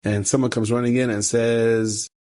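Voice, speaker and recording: A rabbi telling a story in an animated sermon style, repeating phrases for emphasis and jumping into high voices for the characters. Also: male voice, moderate pace. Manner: animated, acts out characters with sudden high-pitched quoted voices.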